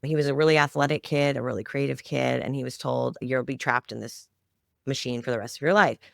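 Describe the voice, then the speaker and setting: A middle-aged woman talks as a podcast guest, her storytelling heartfelt and emotional. Her voice has a gravelly texture. The sound is dry and close. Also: very deep voice, fairly even intonation, brisk, no echo. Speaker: podcast guest, children's media founder. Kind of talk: interview storytelling.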